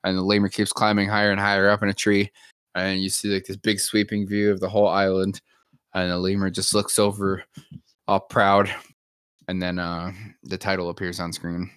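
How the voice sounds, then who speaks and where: A man's voice: deep voice, completely flat delivery, moderate pace, a bit bright, clear, resonant tone, dry recording. A man improvising a silly story in casual chat, playful and laughing often.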